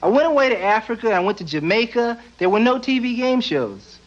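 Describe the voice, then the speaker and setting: A young man doing stand-up comedy with wry, deadpan asides, acting out the people he talks about. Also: very high-pitched, a little fast. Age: young adult. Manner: wry, deadpan asides, acts out quoted characters. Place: stage before a live audience. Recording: dull lo-fi TV broadcast, loud crowd and noise.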